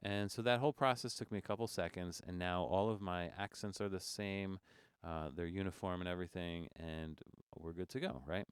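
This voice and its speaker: A man teaching music notation software in a screen-recorded tutorial, talking through steps in a relaxed way with fillers and restarts. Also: sits low, moderate pace, clear, resonant tone, no room sound, clean studio sound.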